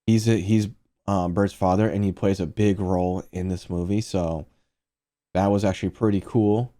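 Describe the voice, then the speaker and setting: A man's voice: low voice, steady tone, moderate pace, warm tone. A man streaming casual movie reviews, rambling and profane as he talks to his chat.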